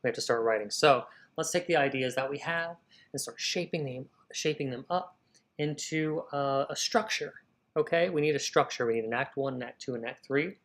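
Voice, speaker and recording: A man's voice: medium pitch, moderate pace. Man brainstorming aloud on a stream. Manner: energetic, thinking aloud, addressing viewers as y'all. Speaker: writer hosting a live writing session. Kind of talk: casual livestream talk.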